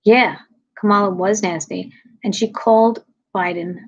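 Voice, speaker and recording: A sarcastic woman comedian talks straight to her viewers, blunt and profane. Her voice is husky and low, and she sounds a little tired. The audio is dull and lo-fi. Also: steady tone, a little slow. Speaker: comedian live-streaming. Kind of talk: casual rant to viewers.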